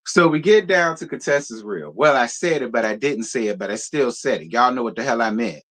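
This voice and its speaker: A man hosts a live reality-show review, offering blunt, sassy, profane commentary, speaking directly to his viewers and thanking donors. His medium-pitched voice is animated, a little fast and a bit bright.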